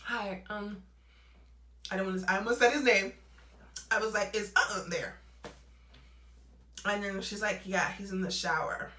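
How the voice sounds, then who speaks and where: A young woman telling a storytime vlog, animated and acting out both sides of phone calls in a casual way. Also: mid-range voice, measured pace, pauses often, reverberant, rough recording.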